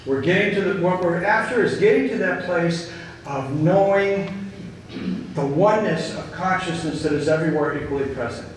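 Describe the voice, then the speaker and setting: A man's voice: sits high, a little hiss or hum. Earnest man speaking in an echoey hall. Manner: earnest, slow and emphatic. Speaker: speaker at a group gathering. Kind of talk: inspirational talk and storytelling. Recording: echoey hall, distant mic.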